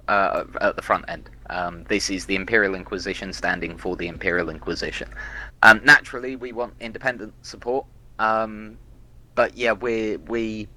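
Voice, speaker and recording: Low-pitched man with a bright, forceful tone, chatty and hesitant, pitching his group on a livestream. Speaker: player group representative. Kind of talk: livestream interview answers.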